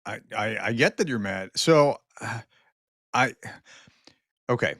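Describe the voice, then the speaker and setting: A man co-hosting a political discussion, talking in a measured, hesitant way and trying to calm things down. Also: mid-range voice, no echo, studio quality. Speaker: co-host.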